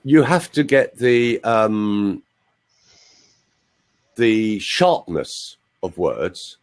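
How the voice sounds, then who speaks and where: A man's voice: lowish voice, very animated, very slow, clear, resonant tone. A male voice coach explaining techniques on an online call, with joking asides. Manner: explanatory, demonstrates sounds, jokey asides. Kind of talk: teaching on a group call.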